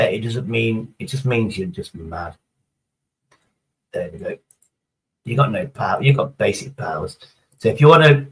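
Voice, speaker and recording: A man's voice: lowish voice, poor audio. A man chatting casually on a live stream, rambling through a story and swearing heavily as he reads the chat.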